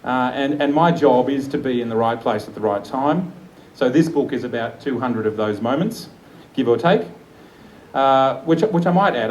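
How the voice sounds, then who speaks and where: A man's voice: mid-range voice, darkish tone, slight background noise, rough recording. A man in his forties, a photographer, giving a chatty, enthusiastic live speech at a book launch and often laughing. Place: event room with an audience.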